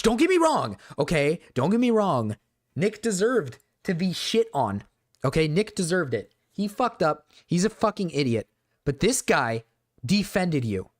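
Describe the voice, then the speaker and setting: A man streaming a reaction to a video, ranting in a profane, exasperated way at his chat. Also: medium pitch. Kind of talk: reaction commentary.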